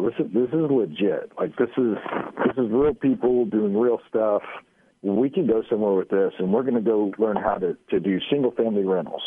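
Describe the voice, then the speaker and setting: A man's voice: on the low side, no echo. A man, a radio show guest, telling his story casually and acting out the quoted lines. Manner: animated, acts out quoted lines. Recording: tinny phone line.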